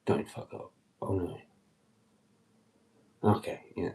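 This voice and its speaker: A man talks on a livestream in a loose, rambling way, swearing constantly and dropping into low muttered asides. His voice swings widely up and down in pitch. The tone is dark and mellow rather than bright. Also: lively intonation, measured pace, creaky, a little hiss or hum, poor audio. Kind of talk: rambling casual livestream chat.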